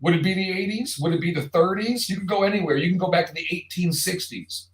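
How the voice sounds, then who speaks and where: A man's voice: sits high, quick pace. A man hosting a live online show, talking casually in a rambling, jokey monologue straight to the viewer. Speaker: show host. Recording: roomy echo.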